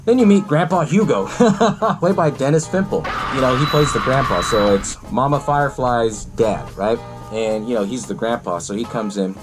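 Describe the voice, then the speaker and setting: A man's voice: medium pitch, normal speed, over music. A man hosting a podcast, casually retelling a movie in a rambling, profane way and laughing often. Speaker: podcast host.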